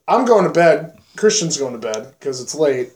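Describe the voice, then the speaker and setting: A man's voice: fairly high pitch, sing-song, moderate pace, a little mellow. A young man in his twenties telling a rowdy drinking story in casual chat, laughing and acting out his friends' voices.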